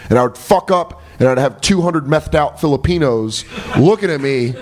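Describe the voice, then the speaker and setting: A man's voice: on the high side, lively intonation, moderate pace. A young man, a comedian and guest on a podcast, telling profane stories casually and laughing as he talks. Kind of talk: casual storytelling chat.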